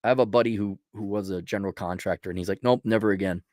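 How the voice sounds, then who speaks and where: A man's voice: lowish voice, steady tone, rapid-fire, a little mellow, no room sound. Blunt, crude man with dry sound. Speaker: host answering a viewer question. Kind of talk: casual advice rant.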